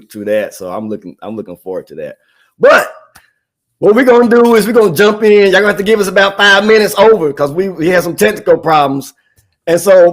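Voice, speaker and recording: A man hosting a live online show, casual and upbeat, often restarting and saying "man". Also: fairly high pitch. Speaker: livestream host.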